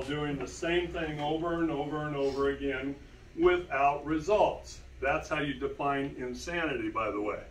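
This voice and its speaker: A man giving an animated storytelling talk to an audience, emphatic and repeating key words. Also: on the high side, reverberant, distant mic, a little hiss or hum, low-quality recording. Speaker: speaker presenting to an audience.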